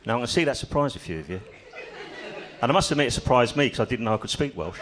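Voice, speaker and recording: A man's voice: medium pitch, lively intonation, fast, a bit bright. An older man doing a stand-up comedy set on a club stage, telling stories with dry, self-mocking humor.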